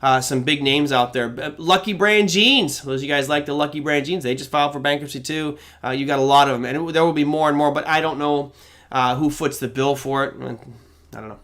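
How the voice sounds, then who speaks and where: A middle-aged man hosts a live trading question-and-answer show, his voice sitting a little higher than most men's. He talks in a loose, conversational way, reading viewer questions aloud and thinking out loud as he answers them. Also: fairly even intonation, a little fast. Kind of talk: casual live Q&A.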